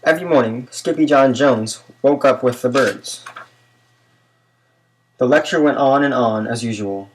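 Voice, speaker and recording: A man reading a children's picture book aloud in a measured, unhurried way. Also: mid-range voice, slight background noise, low-quality recording. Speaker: narrator.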